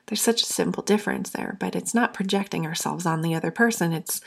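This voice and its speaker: Young woman podcaster, low gravelly voice, earnest and open, kinda teary. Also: fast, hardly any pauses. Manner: earnest, open, at times near tears. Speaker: podcast host. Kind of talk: heartfelt solo podcast talk.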